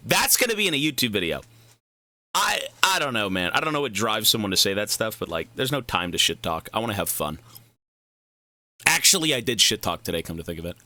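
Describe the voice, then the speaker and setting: A man's voice: on the low side, sharp tone, no echo. A young man streaming a game, chatting casually, rambling and cursing as he goes off on side tangents. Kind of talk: casual livestream chat while gaming.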